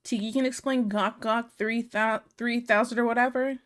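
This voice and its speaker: A woman streamer chatting casually while she draws, frank, teasing and quick to giggle. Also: a little high, steady tone, fairly bright tone. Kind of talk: casual chat while drawing.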